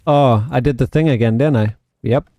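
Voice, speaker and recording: A man's voice: mid-range voice, a little fast, mellow, no echo. A South African man hosting a casual game livestream, rambling and answering his chat. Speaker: livestream host and gamer.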